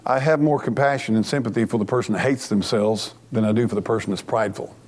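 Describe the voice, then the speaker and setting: A man's voice: lowish voice, fast, darkish tone. A middle-aged man preaching a sermon as pastor, earnest and plainspoken, often restarting his sentences.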